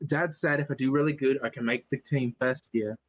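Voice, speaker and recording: A man's voice: mid-range voice, fairly even intonation, a little fast, no echo, low-quality recording. A man speaking casually and a little hesitantly as a player in a tabletop game. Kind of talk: in-character tabletop play.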